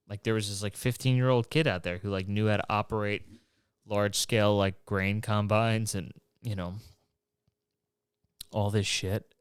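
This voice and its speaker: In a New York City apartment, a young podcast host rambles casually through his own show, cursing and poking fun at himself. His fairly low, smooth voice comes through dry and studio-clean.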